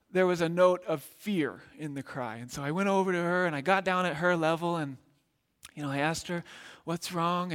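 A man's voice: a little high, a bit bright. A man from Milwaukee preaching a sermon, telling stories in an earnest, conversational way and often repeating words. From Milwaukee, United States. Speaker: pastor. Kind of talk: storytelling sermon. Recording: long hall reverb.

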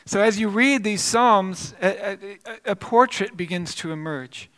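Man preaching in a church, high bright voice, earnest storytelling, long hall reverb. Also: measured pace, smooth. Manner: earnest storytelling with repeated words and restarts. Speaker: pastor. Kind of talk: sermon.

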